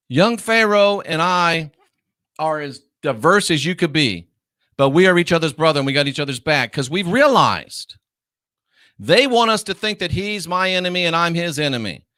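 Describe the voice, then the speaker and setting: A man hosting a reaction commentary, ranting with profanity and mockery, swinging from shouted jeers to low muttering. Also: dry recording, studio quality. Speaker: commentary host.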